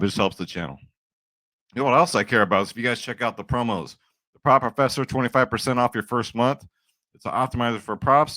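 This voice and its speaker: A man in his forties hosting a sports betting vlog, rambling and excitable in casual chat to camera. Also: mid-range voice, no room sound. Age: 40s.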